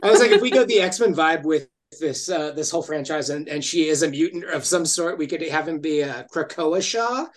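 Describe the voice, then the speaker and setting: Male podcast guest, higher-pitched, animated and stammering, casual chat. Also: a little fast, few pauses. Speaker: guest comic writer.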